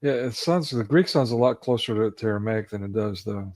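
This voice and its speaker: A man hosting a casual conversation, speaking in a relaxed, tentative way with short interjections. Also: fairly low pitch, a little fast, no room sound, studio quality.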